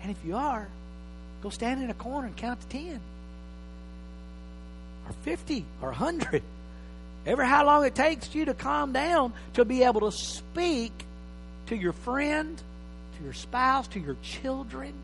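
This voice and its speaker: A man preaching a sermon as pastor, emphatic, swinging from loud bursts to quiet asides. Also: very high voice, lively intonation, measured pace, pauses often. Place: church hall. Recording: reverberant hall with faint mains hum.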